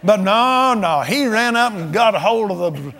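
This folksy sermon comes from a man in his seventies who tells stories, chuckles, and drawls in plain colloquial language. He's expressive, with a high, fairly bright voice at a moderate pace.

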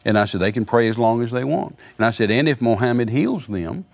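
An older man in his seventies, with a gravelly, creaky voice at an ordinary middle pitch, tells his faith testimony to an interviewer. He talks earnestly, repeats phrases, and acts out the dialogue he quotes. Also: lively intonation, brisk. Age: 70s. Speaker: guest, former missionary. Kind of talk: storytelling testimony in a Christian interview.

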